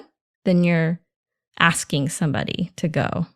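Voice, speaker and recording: A woman's voice: fairly low pitch, moderate pace. Lady teaching phrases, patient, breaks it all down step by step. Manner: patient, explains step by step, laughs lightly. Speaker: Japanese teacher. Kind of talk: language lesson podcast.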